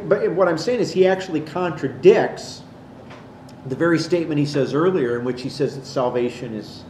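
A man's voice: medium pitch, a little mellow. A man giving an explanatory Bible teaching to a class, pointing things out on a board. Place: classroom or church hall. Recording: echoey room, faint background noise.

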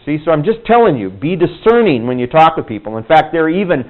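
A man teaching a Bible class in a casual, conversational way, acting out quoted people in higher voices. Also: sing-song, fast talker, few pauses. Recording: dull lo-fi room recording.

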